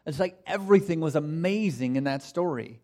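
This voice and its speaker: A man's voice: fairly high pitch, brisk. Conversational male pastor preaching. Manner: conversational, animated with laughs and asides. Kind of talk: sermon.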